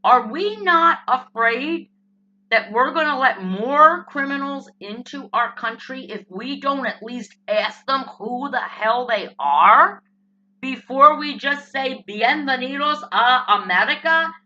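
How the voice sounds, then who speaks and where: A woman with a New Jersey accent rants in a high, bright, sharp voice. Her delivery is brash and blunt, and she swears freely through the comic monologue. The sound is a little dull and lo-fi. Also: expressive, slow pace, a little hiss or hum. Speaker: political commentator.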